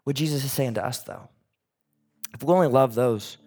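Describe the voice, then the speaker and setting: A man preaching a sermon as a pastor, in an animated, conversational way. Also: mid-range voice, moderate pace, long pauses, faint music behind.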